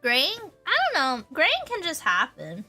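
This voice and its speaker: A woman's voice: high-pitched, wildly swooping pitch, moderate pace, sharp tone, soft background music. A young woman streamer in casual chat with her viewers, bubbly and rambling, laughing often and repeating herself.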